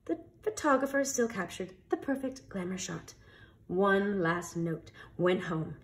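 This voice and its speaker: A woman reading a picture book aloud with an expressive storytelling delivery. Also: mid-range voice, measured pace. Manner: expressive, animated read-aloud.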